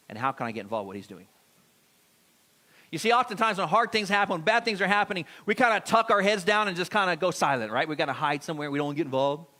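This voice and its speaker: Male pastor, middle-aged, casual sermon delivery in a church with questions to the room, voice on the high side. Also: bright, forceful tone. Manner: conversational preaching, questions to the congregation. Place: church sanctuary.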